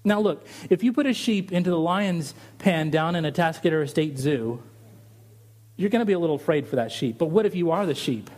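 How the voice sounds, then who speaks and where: A middle-aged pastor preaches in a lighter, higher voice with a darkish tone, animated and fairly quick. He pushes his pitch up on each rhetorical question, then settles back into easy storytelling between the big points.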